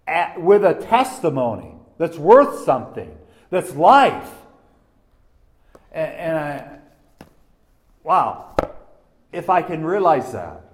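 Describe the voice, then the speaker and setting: A man gives an informal sermon, drawing on a story from his own day. He talks slowly in a slightly high voice, swinging from loud emphasis to near-hushed lines and restarting his sentences. The sound is roomy and echoey. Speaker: Bible teacher.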